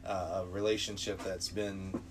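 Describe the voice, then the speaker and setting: A man hosting a podcast, asking questions and reacting warmly with short replies. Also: low-pitched, little pitch movement, a little slow, slight background noise. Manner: friendly, reactive, short backchannels. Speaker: podcast host. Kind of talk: casual interview chat.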